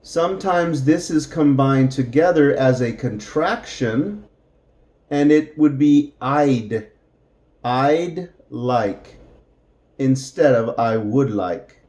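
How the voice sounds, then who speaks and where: A man teaching a beginner English lesson, drawing out example phrases slowly and clearly so learners can repeat them. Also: medium pitch, animated, a little mellow.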